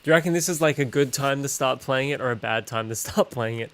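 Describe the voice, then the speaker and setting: A man's voice: mid-range voice, fast. Chatty Australian man streaming. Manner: relaxed, chatty, swears casually. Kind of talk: casual chat while gaming.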